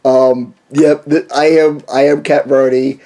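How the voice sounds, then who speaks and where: A man guest-presenting a casual explainer monologue, speaking bluntly and haltingly, with frequent restarts and pauses. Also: medium pitch, level tone, mellow. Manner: blunt, dismissive of the story.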